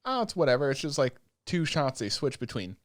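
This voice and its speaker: A man co-hosting a podcast in casual chat, retelling anime scenes with quick quoted voices. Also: medium pitch, big pitch swings. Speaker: podcast co-host.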